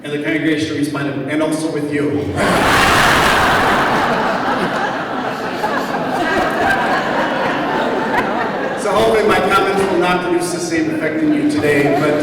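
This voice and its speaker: A man in his sixties, a priest, telling jokey stories to an audience and acting out the dialogue, recorded from far off in a large hall. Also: on the high side. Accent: Milwaukee, Wisconsin. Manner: jokey, animated storyteller who acts out dialogue. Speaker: priest, panel speaker. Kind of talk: storytelling talk to an audience. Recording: echoey hall from far off, noisy.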